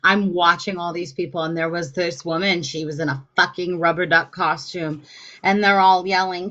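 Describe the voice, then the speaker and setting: A woman's voice: on the low side, fairly even intonation, moderate pace, bright, forceful tone. A woman hosting a casual political panel, swearing a lot and mocking people with heated sarcasm. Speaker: host. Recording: dull lo-fi stream audio.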